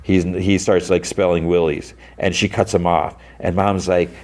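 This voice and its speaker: A man's voice: low-pitched, little pitch movement, normal speed, darkish tone. A man hosting a podcast, retelling an episode in a rambling, casual way, full of "like" and "you know". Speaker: podcast host.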